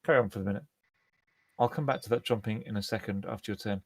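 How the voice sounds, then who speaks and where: A man in his twenties or thirties, running a tabletop game online as dungeon master, talking in a relaxed, chatty way with many fillers. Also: lowish voice, fast talker.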